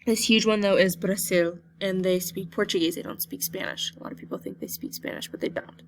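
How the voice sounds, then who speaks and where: A young woman teaching a Spanish class, going slowly over a map and repeating each country name so students can copy how it is said. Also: mid-range voice, steady tone, slight background noise. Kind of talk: geography lesson over a map.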